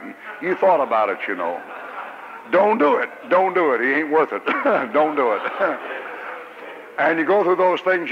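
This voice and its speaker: A man preaching a sermon in a church, folksy and joking, swinging between soft and loud. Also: mid-range voice. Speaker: pastor. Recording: muffled old church recording with long reverb.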